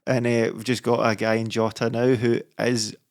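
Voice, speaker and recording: A man's voice: mid-range voice, little pitch movement, normal speed. A man with a Scottish accent, co-hosting a football podcast and talking with a fan's enthusiasm. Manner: enthusiastic fan talk. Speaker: podcast co-host. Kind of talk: casual football chat.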